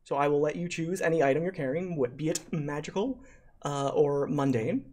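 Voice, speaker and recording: This game master, with a mid-range and somewhat mellow voice, narrates a tabletop session on a live stream. The delivery stumbles along with frequent fillers and pauses to thank donors.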